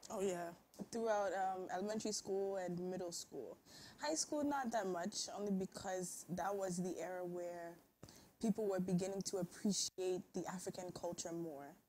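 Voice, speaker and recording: Young woman guest, lower voice, open storyteller, faint hiss behind. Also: normal speed, a little mellow. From grew up abroad, Ghanaian parents. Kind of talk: casual chat.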